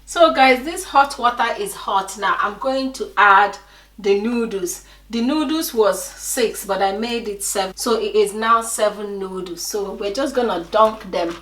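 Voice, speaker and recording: A vlogger from Nigeria, speaking with a Nigerian accent, chats animatedly while cooking in her home kitchen and telling a story. Her medium-pitched voice is a little slow and fairly bright, captured by a distant mic in an echoey room.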